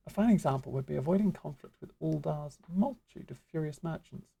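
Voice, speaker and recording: Lady doing a pompous old-style mage mentor, slow and grand, gravelly dark voice, kinda husky. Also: low-pitched, animated, exaggerated voice. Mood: grandiose. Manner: florid, archaic, lecturing delivery. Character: grandly theatrical magic guild master mentor.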